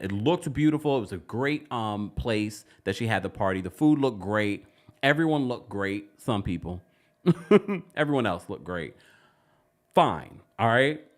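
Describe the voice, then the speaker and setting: A man giving casual, sassy recap commentary as host, jumping up in pitch and laughing as he talks.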